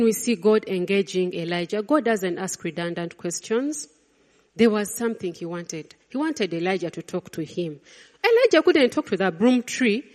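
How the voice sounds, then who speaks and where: Animated woman preaching in a reverberant hall. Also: medium pitch. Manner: animated, swings between loud exclamations and hushed quoted lines. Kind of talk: sermon. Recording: long reverb of a large hall.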